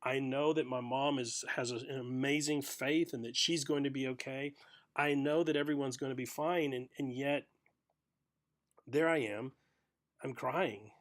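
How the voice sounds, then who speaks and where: A middle-aged man giving a short, reflective sermon for a video podcast, telling a story gently with pauses. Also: mid-range voice, fairly even intonation. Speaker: pastor.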